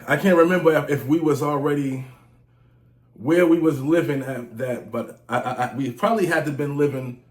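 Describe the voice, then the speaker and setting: A man's voice: a little high, normal speed. Laid-back man telling stories, roomy echo. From United States. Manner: loose, slangy, with frequent "you know what I'm saying" fillers. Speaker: vlogger, music reviewer. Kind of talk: casual storytelling monologue.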